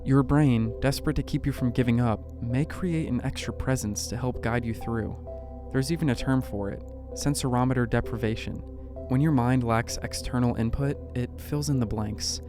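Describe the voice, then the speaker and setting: Male documentary narrator with a mid-range voice, measured and suspenseful, reading over soft music. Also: mid-range voice. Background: faint background music.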